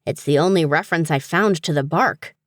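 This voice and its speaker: A woman voicing a grumpy, small winged male creature who talks in a gruff, exasperated way. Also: deep voice, brisk, dry recording, clean studio sound, natural voice. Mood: grumbling.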